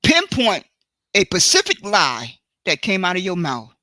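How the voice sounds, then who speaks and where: A woman hosting a solo live stream, talking in a deliberate, emphatic way and often stopping to correct and repeat herself. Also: fairly low pitch, huge pitch swings, bright, forceful tone, no echo. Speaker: livestream host. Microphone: computer mic for a live stream.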